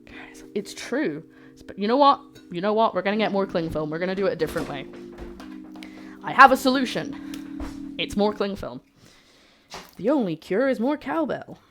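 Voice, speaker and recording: A woman's voice: medium pitch, sing-song, fairly quick, soft background music. A woman chatting casually to her livestream chat while cooking, joking and poking fun at herself. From lives in Scotland. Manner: chatty, jokey, self-deprecating, talks to chat.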